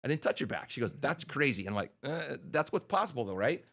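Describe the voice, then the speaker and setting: A middle-aged man speaking as a chiropractor guest, rattling off stories at a rapid clip. His voice sits at an ordinary middle pitch. He acts out each quoted exchange with animation. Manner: animated storyteller acting out quoted dialogue. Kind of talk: casual storytelling interview.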